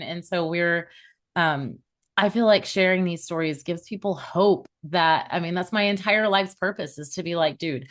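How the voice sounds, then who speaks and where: Animated woman telling her story. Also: mid-range voice. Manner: animated, laughs often, acts out quoted voices. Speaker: podcast guest. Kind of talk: emotional personal storytelling.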